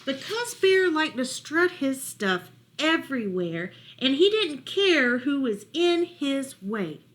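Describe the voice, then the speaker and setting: Slow, expressive storytime librarian woman. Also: high voice. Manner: expressive, asks children questions about pictures. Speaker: children's librarian. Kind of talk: reading a picture book aloud to children.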